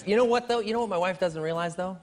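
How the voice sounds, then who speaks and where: A man bantering as a talk show guest, lively and laughing. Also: sits high, fast, over music.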